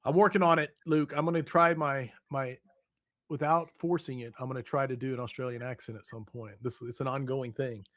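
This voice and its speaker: A man's voice: mid-range voice, steady tone, brisk, a bit bright. A man hosting a podcast, enthusiastic and casual, reading out listener questions while getting over an illness. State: recovering from illness. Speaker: podcast host.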